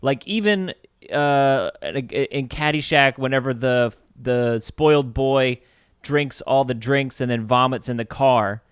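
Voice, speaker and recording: A man's voice: medium pitch, measured pace, clean tone, dry recording, clean studio sound. A young man chatting casually as a podcast co-host, rambling with many fillers. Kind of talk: casual chat.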